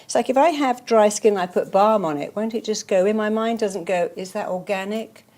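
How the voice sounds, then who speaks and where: A woman's voice: mid-range voice, moderate pace. Emphatic woman therapist giving advice. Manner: emphatic, repeating affirmations, lively storytelling. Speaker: therapist guest. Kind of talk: motivational interview talk.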